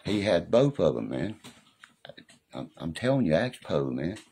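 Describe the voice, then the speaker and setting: A livestreamer with a low-pitched, gravelly, warm voice and a breathy edge talks at a measured pace, his pitch swinging widely. Over a phone or webcam mic, he rambles casually and profanely, often asking if you know what he means.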